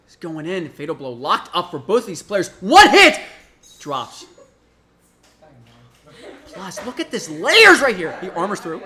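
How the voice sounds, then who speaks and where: Woman doing hype fighting game play-by-play, bright voice, really animated. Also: on the low side. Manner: quick, excitable play-by-play with jokes. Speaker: tournament commentator. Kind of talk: live fighting game commentary.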